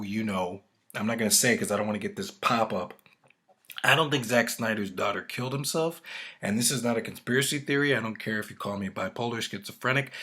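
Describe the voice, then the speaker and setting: Man, bright voice, profane rambling rant, restarts sentences, vlog to camera. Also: lowish voice, slightly rough.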